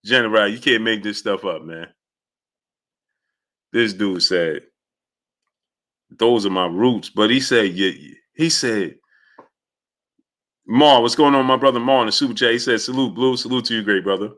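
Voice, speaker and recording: A man hosting a livestream about boxing, excitable and reading out viewer messages, swinging between loud outbursts and muttering. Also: lowish voice, normal speed, pauses often. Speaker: host.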